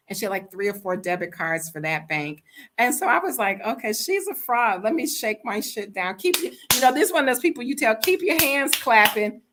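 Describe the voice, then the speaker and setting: An American woman telling a story in a casual storytime vlog, blunt and animated, acting out the quoted dialogue. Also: on the high side.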